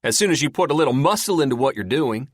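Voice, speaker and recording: A man doing Bolton, a gruff swearing soldier. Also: mid-range voice, lively intonation, fast, dry recording, studio quality, pitched above the performer's own voice, lightly acted. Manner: blunt, curt, swearing. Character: gruff irritable male special-ops soldier.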